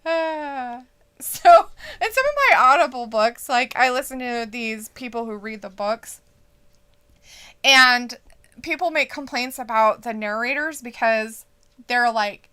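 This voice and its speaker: Giggly high-voiced woman reading the chat. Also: measured pace, sharp tone, clean tone. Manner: giggly, laughs often, quotes the chat. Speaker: co-host of a wrestling watch-along stream. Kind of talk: casual chat, reading out live chat.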